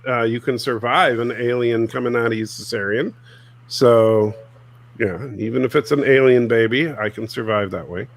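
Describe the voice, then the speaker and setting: A man's voice: mid-range voice, normal speed. A man on a casual chat panel, ribbing the others playfully.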